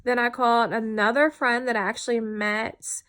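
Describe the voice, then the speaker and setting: A woman's voice: fairly high pitch, level tone, normal speed, fairly bright tone. A tired woman talking candidly in a personal vlog, reflective and full of fillers. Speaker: vlogger.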